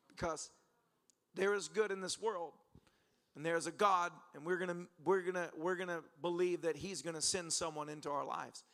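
Addressing his church congregation, a male pastor tells stories animatedly, laughing and voicing both sides of conversations during the sermon. His voice is fairly high and he speaks at a normal speed.

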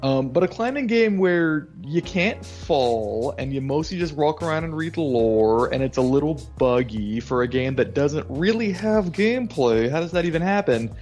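A male podcast host with a fairly high voice chats casually, wry and joking. Faint music sits under his voice. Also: lively intonation, moderate pace, few pauses, darkish tone.

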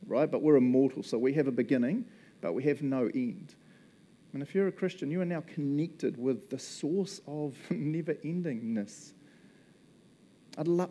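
Warm laid-back New Zealand preacher man. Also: mid-range voice. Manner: chatty, joking, often laughing. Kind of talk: casual conversational sermon.

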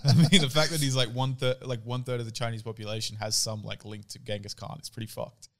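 A man's voice: medium pitch, little pitch movement, fast talker, crowd noise. A man, co-hosting a podcast and telling a story in casual chat with lots of swearing. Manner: swears freely, laughs, acts out voices in stories. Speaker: podcast co-host.

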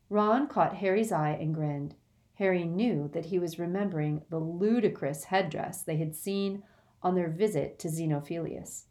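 A woman narrating a storybook aloud in a measured, expressive way. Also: lowish voice. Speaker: audiobook reader.

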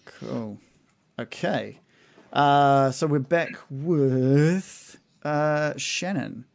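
Male game master, gravelly voice, laid-back, stop-start delivery. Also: fairly high pitch, very slow. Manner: relaxed, hesitant with many fillers. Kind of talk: narrating a tabletop game.

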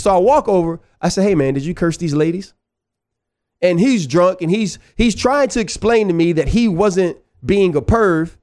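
A man with a fairly high voice and a New Orleans accent spins a rambling story for his show's listeners. He talks in a loose, animated way, drifting into side tangents and tossing in "right?" every few sentences. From New Orleans, USA. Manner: animated, digressive, peppered with "right?". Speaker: podcast host. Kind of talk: casual storytelling monologue.

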